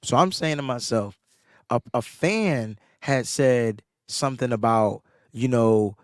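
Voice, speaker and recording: Speaking slowly, a man co-hosting a podcast recounts a sports story in relaxed chat, his pitch climbing when excitement hits, though he sounds a bit ill. The audio is studio quality and echo-free.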